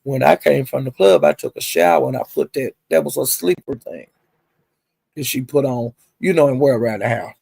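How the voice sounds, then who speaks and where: A man's voice: medium pitch, moderate pace, vocal fry, slightly rough, no room sound. A man vlogging, telling gossip in a chatty way and calling listeners honey and child. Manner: animated retelling, mimics others' quotes. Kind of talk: gossipy storytelling.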